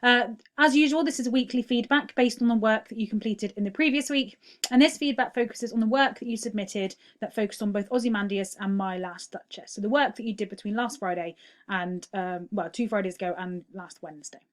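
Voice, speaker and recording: A woman's voice: medium pitch, brisk. A young woman teaching a recorded online lesson, patient and explanatory, often checking "all right?" with many ums.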